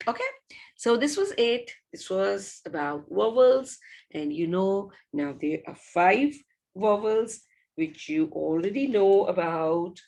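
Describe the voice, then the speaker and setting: A woman with a gravelly, slightly creaky voice teaches phonics to small children at a very unhurried pace. She repeats each word patiently in a sing-song way and keeps checking in with gentle rising questions. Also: mid-range voice, expressive. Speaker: early years teacher. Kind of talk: recorded online phonics lesson.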